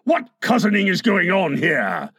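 A man voicing a menacing, brooding pirate captain in a low, theatrical voice for a storybook reading. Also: huge pitch swings, a little slow, fairly bright tone, slightly rough, no room sound, clean studio sound, full character voice. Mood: furious. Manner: theatrical, booming when angry.

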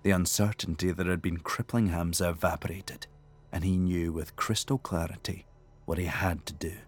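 Deep husky male audiobook narrator. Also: steady tone, faint music behind. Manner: measured, tense storytelling. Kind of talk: scripted narration.

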